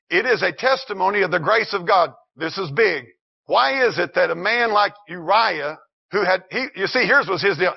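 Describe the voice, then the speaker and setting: Pastor man preaching hard, gravelly voice a bit high, lo-fi muffled sound. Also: lively intonation, normal speed. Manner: emphatic preaching, building to shouts. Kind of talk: sermon. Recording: dull lo-fi recording.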